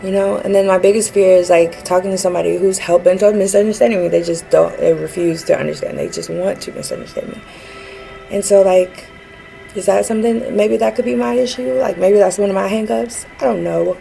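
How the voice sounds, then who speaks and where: A woman's voice: medium pitch, steady tone, a little fast, creaky, dark tone, faint music behind, rough recording. A woman vlogging a rambling personal rant, earnest and frustrated, with many fillers and restarts.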